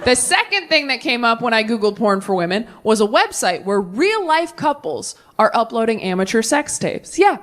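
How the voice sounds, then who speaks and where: A woman in her thirties doing a stand-up comedy set on stage into a handheld mic, animated and jumping into mock voices for punchlines. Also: on the high side, normal speed, hardly any pauses, a faint crowd. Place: comedy stage with a live audience.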